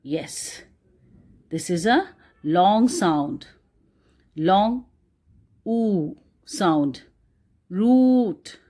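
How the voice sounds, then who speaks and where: A young woman teacher with an Indian English accent, teaching a phonics lesson to small children and spelling out words slowly in a sing-song way. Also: fairly low pitch, animated, mellow. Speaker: kindergarten teacher.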